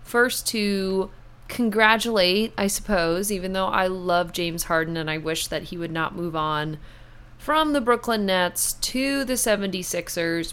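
A woman co-hosting a sports news chat, talking through headlines in a relaxed, conversational way. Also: fairly low pitch, clean tone. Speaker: co-host of a sports news show.

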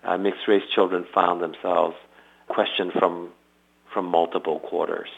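A man speaking as an expert guest in an interview, measured and academic, pausing often. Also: sits low, level tone, vocal fry, slightly rough. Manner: measured, academic, with pauses and fillers. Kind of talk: interview commentary. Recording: tinny phone-line audio.

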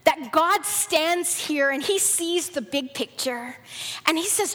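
A woman's voice: sits high, slow pace, fairly bright tone, in a large hall. A woman preaching a sermon and telling a story in an earnest way, acting out the voices of the people in it.

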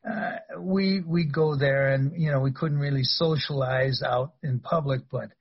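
Older male guest, very husky voice, rambling storyteller, dull lo-fi recording. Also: medium pitch, fairly even intonation, unhurried. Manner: rambling, anecdotal, laughs through stories. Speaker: guest, former wrestler. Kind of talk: casual storytelling interview.

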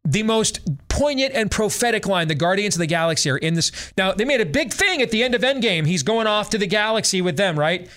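A man's voice: high-pitched, lively intonation, brisk, hardly any pauses, a bit bright. A middle-aged man hosting a talk show, ranting sarcastically in a casual monologue and mimicking voices. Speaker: radio talk show host.

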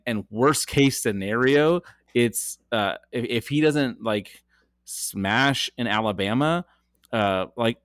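A man's voice: on the low side, no room sound, clean studio sound. A man co-hosting a casual sports podcast, chatty, laughing easily and using many fillers. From Colorado area. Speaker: podcast co-host.

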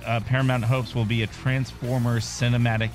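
A man's voice: medium pitch, level tone, brisk, soft background music. A man co-hosting a casual podcast, chatting through news items with jokes. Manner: chatty, joking. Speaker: podcast co-host reading news. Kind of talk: casual chat.

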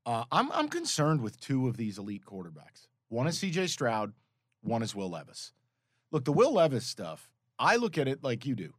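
A man's voice: mid-range voice, huge pitch swings, normal speed, fairly bright tone, no room sound, clean studio sound. A man co-hosting a sports betting podcast, telling stories in a profane, exasperated way. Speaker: podcast co-host. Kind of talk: casual sports betting chat.

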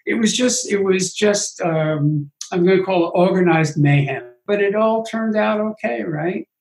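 A Broadway producer in an interview tells his stories with energy and acts out other people's lines. His voice sits a little high for a man. The room around him echoes. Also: a little slow, vocal fry. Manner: animated anecdotes, acts out quotes. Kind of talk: interview storytelling.

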